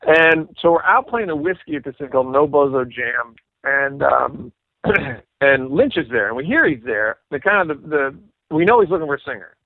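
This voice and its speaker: A middle-aged man, a bassist guest, telling stories in an animated way and acting out what people said. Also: moderate pace, dry recording. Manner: animated storyteller acting out quoted dialogue. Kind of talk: casual storytelling interview. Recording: tinny phone-like line, dry.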